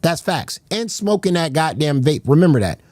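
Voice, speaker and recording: Man, livestream host, swinging pitch, higher voice, dry close sound, profane casual chat. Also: normal speed, no room sound. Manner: animated, profane, rambling with restarts.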